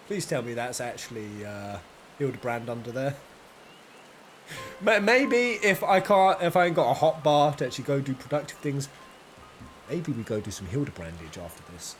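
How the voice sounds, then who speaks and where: A man streaming a game and chatting in an animated, self-mocking way. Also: mid-range voice, normal speed. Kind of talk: casual gameplay commentary. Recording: game music behind the voice.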